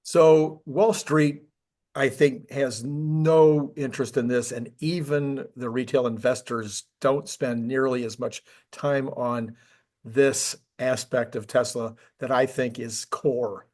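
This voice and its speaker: A man's voice: mid-range voice, fairly even intonation, slow pace, darkish tone. A man co-hosting a casual tech discussion, enthusiastic and rambling, with frequent restarts. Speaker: podcast co-host.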